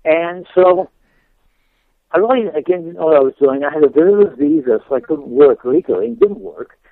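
A man's voice: a little high, lively intonation, a little fast, no echo. A man with an English accent, a guest minister telling his story in a chatty, laughing way full of fillers and restarts. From England. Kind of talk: radio interview storytelling. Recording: dry tinny phone line.

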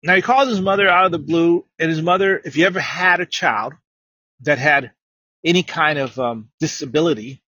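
A man preaching a sermon, telling a story with many repeated words and building to loud, emphatic declarations. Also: a little high, moderate pace, breathy edge, no room sound, muffled recording.

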